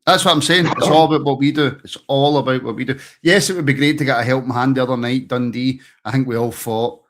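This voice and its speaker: A man's voice: mid-range voice, steady tone, quick pace, a bit bright. A Scottish man hosting a football phone-in, chatting in a friendly and agreeable way with callers. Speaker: phone-in host. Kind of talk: casual phone-in chat.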